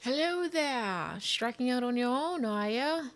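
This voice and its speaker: A woman's voice: medium pitch, fairly even intonation, normal speed, faint music behind, lightly acted. A woman reading a shrewd male blacksmith shopkeeper aloud, trying out a vague accent. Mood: hearty. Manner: attempted vague accent, hearty greeting. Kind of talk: reading game dialogue aloud.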